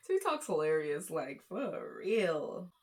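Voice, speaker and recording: A woman's voice: fairly low pitch, wildly swooping pitch, drawn-out words. A young woman from Florida giving casual, chatty reaction commentary on short videos, with lots of fillers. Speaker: commentary YouTuber.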